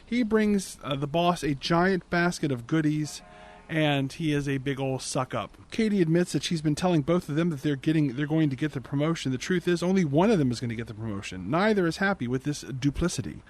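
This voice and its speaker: A man's voice: on the high side, brisk, a little mellow. A man hosting a podcast, recapping a movie plot in a casual, chatty way, often restarting and correcting himself mid-sentence. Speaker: podcast host.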